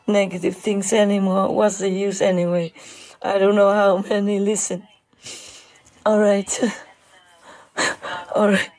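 A woman giving an emotional spiritual talk, halting, with many fillers and repeated words. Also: mid-range voice, a little mellow, no room sound, rough recording.

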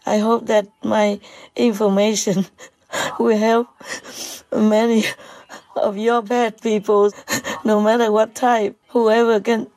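A woman giving a heartfelt spiritual talk, emotional and halting, choked up, with tearful laughs between words. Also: on the high side, darkish tone, no echo, low-quality recording.

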